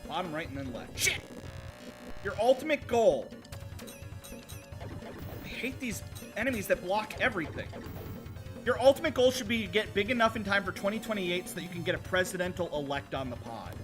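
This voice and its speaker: A man's voice: high voice, expressive, a little fast, long pauses, music in the background. A man streaming a retro video game, rambling casually to himself and his viewers as he plays. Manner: rambling, self-talking while playing, chatting with viewers. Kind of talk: casual gameplay commentary.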